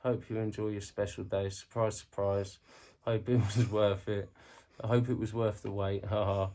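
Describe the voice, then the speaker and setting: Excitable, foul-mouthed man. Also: fairly low pitch, moderate pace. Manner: excitable, swears constantly, laughs along. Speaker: friend unboxing a gift. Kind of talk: casual unboxing chat.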